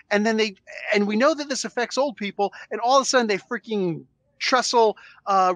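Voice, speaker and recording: A man's voice: high-pitched, dry recording. A man co-hosting a podcast, chatting casually and ranting animatedly. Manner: animated ranting, does impressions. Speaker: podcast co-host.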